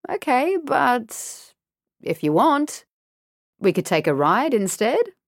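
A woman's voice: fairly high pitch, very animated, slow, dry recording, clean studio sound, voice pushed up, heavily acted. A woman voicing a much older male stranger who speaks in a falsely cheerful, coaxing way. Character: much older man, creepy, deceivingly friendly stranger.

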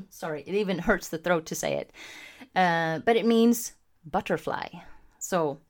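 A woman's voice: fairly low pitch, unhurried. Chatty woman hosting a podcast. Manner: chatty, animated, gives shout-outs to live viewers. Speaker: podcast host. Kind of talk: casual podcast talk. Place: home recording setup, also streaming live.

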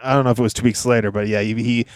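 A man's voice: mid-range voice, flat delivery, very fast, dry recording, clean studio sound. A man hosting a podcast interview, prompting the guest with questions.

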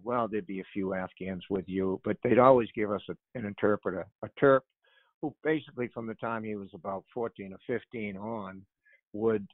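An older man and author, a guest telling animated stories and chuckling, often repeating his words. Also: lowish voice, no room sound. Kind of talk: conversational storytelling on a radio show. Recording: tinny phone line.

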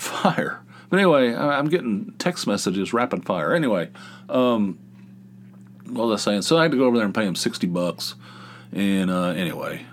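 A middle-aged man talks through a loose solo podcast monologue in a lowish voice. He swears casually, wanders off track, and circles back with "anyway." The delivery is unscripted, conversational and full of restarts. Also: a little hiss or hum. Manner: rambling, profane, easily sidetracked. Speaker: podcast host.

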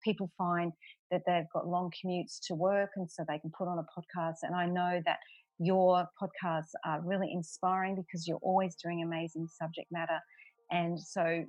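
A woman's voice: fairly low pitch, flat delivery, normal speed, a little mellow, no room sound, rough recording. An Australian woman being interviewed as an author, chatting in a friendly way with lots of "um"s. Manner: friendly, laughs often, many fillers. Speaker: guest author. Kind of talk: casual interview chat.

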